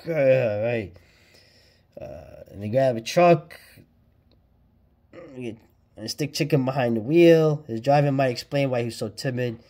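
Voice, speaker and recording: Excitable slangy man reviewing comics. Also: medium pitch, slow pace, pauses often. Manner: excitable, slangy, laughs often. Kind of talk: casual comic book review vlog.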